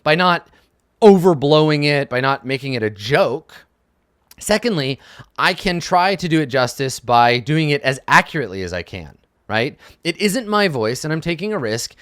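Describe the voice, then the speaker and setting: Lively-voiced man giving thoughtful advice. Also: on the high side, normal speed, no echo, studio quality. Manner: thoughtful, explains step by step, often checks in with "right?". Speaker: game master giving advice. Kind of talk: casual advice talk to camera.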